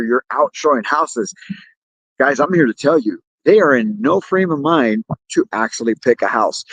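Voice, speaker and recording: A man's voice: fairly high pitch, gravelly, husky, no echo, low-quality recording. A man giving motivational sales coaching, emphatic and repeating his key points. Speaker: sales trainer.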